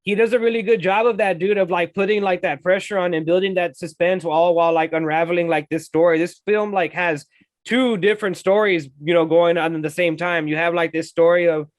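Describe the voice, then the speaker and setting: A man's voice: high-pitched, steady tone, fairly quick, no room sound. A man co-hosting a casual movie review chat, rambling with many filler words and frequent laughs. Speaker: podcast co-host.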